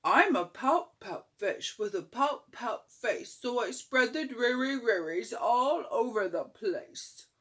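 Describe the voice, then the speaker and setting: A woman's voice: medium pitch, expressive, slow. A grandmother voicing a glum pouting fish. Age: older. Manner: singsong rhyming delivery. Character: glum male fish with a permanent pout.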